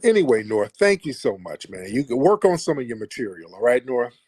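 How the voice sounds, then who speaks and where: A man hosts a rowdy livestream call-in show, ribbing and taunting the people on the line. His voice sits at a middle pitch. The sound is dry and close, with no room around it. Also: very animated, brisk, a little mellow, husky, no echo. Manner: mocking, taunting callers. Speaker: livestream host. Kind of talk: combative livestream call-in talk.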